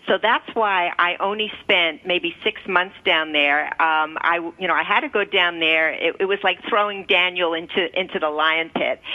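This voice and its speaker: A woman from Canada speaks in a relaxed, reflective way, pausing and restarting as she thinks. The recording is dull and lo-fi, like a talk radio broadcast. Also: on the low side. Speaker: co-host, former stock trader.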